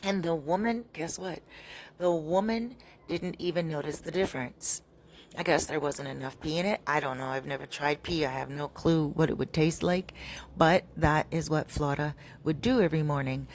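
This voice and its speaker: A woman's voice: low voice, a little hiss or hum. A woman telling a gossipy story in a casual, chatty way, often stopping to correct herself and filling gaps with "um" and "like". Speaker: storyteller vlogger.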